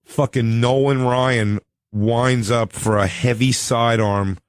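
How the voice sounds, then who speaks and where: A man hosts a radio talk show in loose, joking banter. He laughs often and acts out sounds and quotes as he tells the story. His voice sits at a middle pitch, recorded dry and close. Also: fairly even intonation, slow, clean tone, no room sound. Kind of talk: casual comedic banter.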